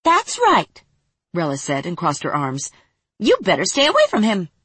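A woman reading a story aloud and voicing a group of small, bold female fairies in a shrill, high voice. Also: huge pitch swings, normal speed, a bit bright, husky, no room sound, exaggerated voice. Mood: defiant.

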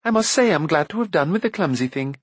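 A man's voice: on the high side, lively intonation, breathy edge, no echo, voice pushed up. A man voicing a bossy, spirited young girl who scolds and chatters in an audiobook. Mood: chatty. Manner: sharp, scolding, quick.

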